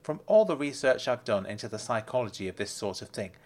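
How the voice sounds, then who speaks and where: A man voicing a calm older male con artist who explains things in a measured way. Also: mid-range voice, natural voice. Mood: explaining.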